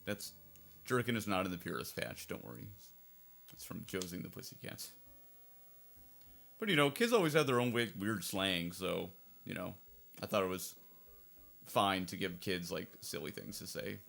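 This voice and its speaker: A man's voice: low voice, animated, normal speed, vocal fry, pauses often, a bit bright, soft background music. A man casually commentating over a game playthrough as its fan translator, rambling and circling back on his points. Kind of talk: casual let's-play commentary.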